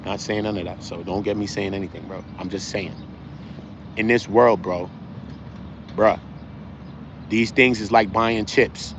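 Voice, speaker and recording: A man hosting a casual livestream, talking straight to his chat in slangy, animated speech. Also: fairly low pitch, unhurried, pauses often, slight background noise. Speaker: livestream host.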